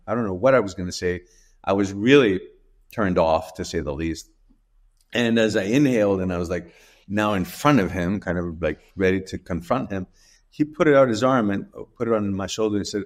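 Middle-aged guy telling his story, lowish voice, stumbles and restarts, gets emotional. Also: animated. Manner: emotional, halting, with restarts and laughs. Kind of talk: personal storytelling interview.

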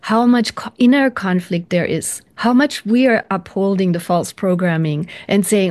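A woman's voice: mid-range voice, normal speed, hardly any pauses, a little mellow. Earnest woman guest, reflective. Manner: earnest, searching, many restarts. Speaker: interview guest, practitioner. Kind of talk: reflective interview talk.

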